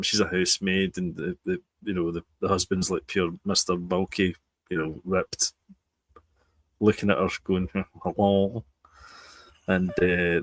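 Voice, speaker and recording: Low-voiced rambling British man. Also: a bit bright, dry recording. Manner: rambling, reads viewer comments aloud. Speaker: show co-host. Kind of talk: casual chat.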